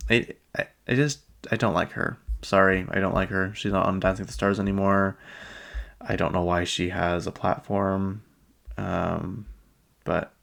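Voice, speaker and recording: A man with a deep voice chats loosely about pop culture as a podcast host. His talk is rough and gravelly and drifts along, full of ums and trailing asides. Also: fairly bright tone. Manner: rambling, chatty, trails off with ums. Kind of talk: casual pop-culture chat.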